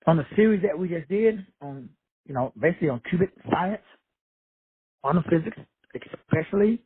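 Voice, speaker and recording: Husky Texan man, tinny dry sound. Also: fairly high pitch, dry recording. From Texas. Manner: blunt, profane, preachy. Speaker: self-help lecturer. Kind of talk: casual motivational monologue.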